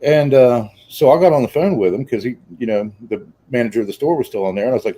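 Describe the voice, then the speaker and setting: A man in his forties with a mellow, warm voice at a middle pitch. He tells an animated anecdote in easygoing conversation. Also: fast talker, few pauses, poor audio. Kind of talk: casual chat.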